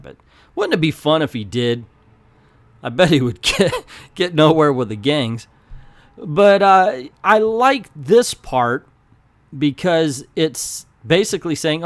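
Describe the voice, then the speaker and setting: An opinionated man reviews comics in a casual, animated way, and his voice swings up and down. His pitch sits somewhat high, and his voice comes through dry and close on a desk mic. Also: a little slow, dry recording. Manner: opinionated, animated, talks with hands.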